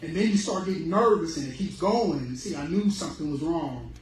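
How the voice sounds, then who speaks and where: A high-voiced man preaches about health, animated and emphatic. He is heard from a distance in a very echoey room. Faint noise sits under his voice. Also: fairly quick. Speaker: speaker on fruitarian health. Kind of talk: sermon-style health talk.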